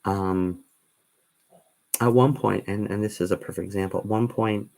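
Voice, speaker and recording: A man with a slightly low voice chats on a livestream. He rambles from one story to the next in a loose, meandering way, often stopping to restart his sentences. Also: fairly even intonation, moderate pace, creaky, darkish tone, slight background noise. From Canada. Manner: casual, meandering, with many ums and restarts. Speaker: livestream host.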